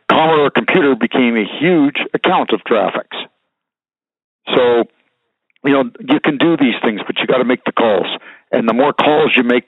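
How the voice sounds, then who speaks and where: A man's voice: on the low side, no room sound. A frank, folksy older man who rambles through trucking advice and old stories, filler words and all. His voice comes through thin and phone-like. The sound is dry, with no room around it. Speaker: guest, trucking business veteran. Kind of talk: casual advice and storytelling.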